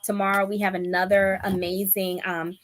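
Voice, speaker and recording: A woman's voice: medium pitch, level tone, moderate pace, a little hiss or hum. Chatty Bronx woman hosting a live stream. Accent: Bronx New York. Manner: chatty, upbeat, lots of filler ums. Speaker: livestream host. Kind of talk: casual live chat.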